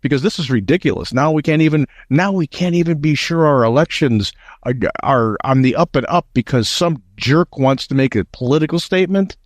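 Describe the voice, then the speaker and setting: A man's voice: fairly high pitch, animated, brisk, dry recording, clean studio sound. An American man hosting political talk radio, emphatic and indignant, often repeating words as he builds a point. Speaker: radio talk show host.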